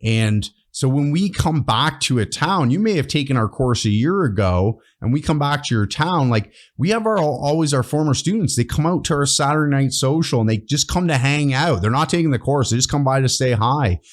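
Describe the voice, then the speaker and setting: A man's voice: medium pitch, expressive, normal speed, hardly any pauses. A man who founded a training course, talking earnestly as a podcast guest and often checking in with "right?". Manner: earnest, explains with frequent "right?" tags. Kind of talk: casual interview chat.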